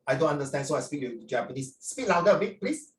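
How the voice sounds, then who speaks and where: An older man with a Singaporean accent lectures his class, chatty and preachy, and his speech is full of local particles. His voice sits a little high for a man. He sounds set back from the mic in a roomy, echoey space. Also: big pitch swings, fast talker, a little hiss or hum. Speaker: teacher. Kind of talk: classroom talk to students. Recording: roomy echo, from far off.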